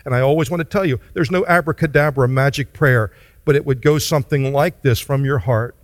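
A man's voice: mid-range voice, no echo, studio quality. A man preaching a sermon as pastor, earnest and pleading, then leading the congregation in prayer. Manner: earnest, pleading, slow deliberate delivery.

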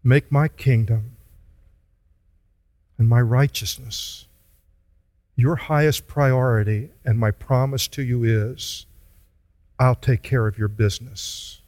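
A man's voice: medium pitch, fairly even intonation, a little mellow, no echo. A man preaching a sermon as pastor, earnest and pleading, then leading the congregation in prayer. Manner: earnest, pleading, slow deliberate delivery.

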